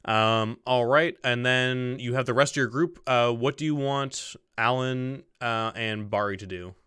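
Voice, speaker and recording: A man running a tabletop game as game master, relaxed and hesitant, explaining rules and narrating. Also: mid-range voice, measured pace, smooth, no echo, clean studio sound. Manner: relaxed, lots of ums and restarts, explains rules.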